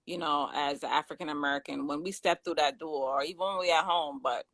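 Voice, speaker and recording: A talk show host in a casual discussion, speaking with lively enthusiasm. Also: medium pitch, brisk, no echo. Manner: lively and enthusiastic, laughs often.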